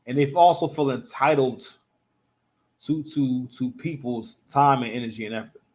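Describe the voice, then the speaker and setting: A man's voice: mid-range voice, normal speed, darkish tone. A man hosting a casual reaction commentary, rambling and often restarting his sentences. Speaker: commentary channel host.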